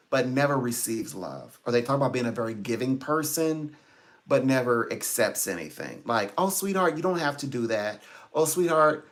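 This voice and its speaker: A man giving a rambling live-stream talk as a psychic reader, chatty, laughing often and quoting people in little voices. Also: medium pitch.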